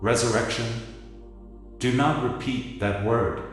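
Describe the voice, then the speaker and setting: A man's voice: mid-range voice, unhurried, close to an everyday voice. A man voicing a fierce, proud Greek warlord who talks bluntly and angrily, in a dramatic reading in an echoey hall. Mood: fervent. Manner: angry, blunt, demanding. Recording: echoey hall with music behind.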